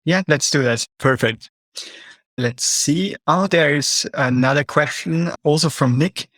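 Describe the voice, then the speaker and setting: A man's voice: fairly high pitch, measured pace, fairly bright tone, no room sound. A man moderating a webinar Q&A, reading out audience questions and giving short affirming replies. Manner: brief, affirming, reads out questions.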